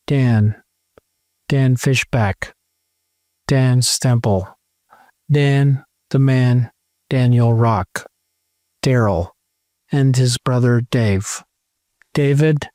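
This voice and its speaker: An unhurried man co-hosting a casual podcast, reading a list of names and slipping in playful jokes. His voice sits at a middle pitch. The recording is dry and close. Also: a little mellow, no room sound. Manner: jokey, reads name lists with playful asides. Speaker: podcast co-host.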